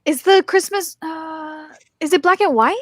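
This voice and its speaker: A woman co-hosting a casual podcast, chatting with quick asides. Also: extremely high pitch, dry recording, studio quality. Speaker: podcast co-host.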